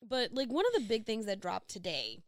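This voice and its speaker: An excitable woman co-hosting a casual podcast, talking at a middling pitch. She laughs often and breaks off mid-sentence to restart her thought. The sound is dry and close, with no room around it. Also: a little fast, no echo. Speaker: podcast co-host. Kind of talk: casual chat.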